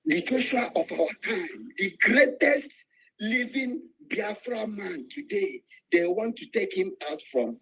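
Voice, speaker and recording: A man's voice: sits high, very animated, unhurried, gravelly, fairly bright tone, husky, poor audio. A man with a Nigerian Igbo accent giving an angry, emotional speech to an online voice room, calling out to listeners. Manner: emotional, angry, preaching, rising to cries. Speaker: speaker in an online activist voice room.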